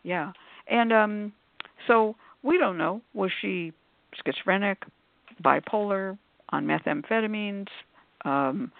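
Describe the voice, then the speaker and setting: Gravelly woman telling a story on a phone line. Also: mid-range voice, slow pace, no echo. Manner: animated, acts out quotes, talks with many fillers. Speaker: shop worker on a call-in show panel. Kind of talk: casual storytelling.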